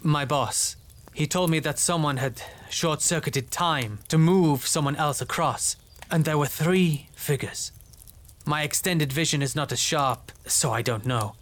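An actor playing a solemn, earnest male lieutenant in an audio drama, measured and formal. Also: fairly high pitch, a bit bright, slight background noise.

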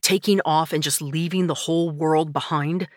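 A woman's voice: deep voice, steady tone, moderate pace, no room sound, studio quality. A woman voicing a snarling, domineering brother. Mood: angry. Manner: snarling, curt and swearing. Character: angry, domineering adult brother.

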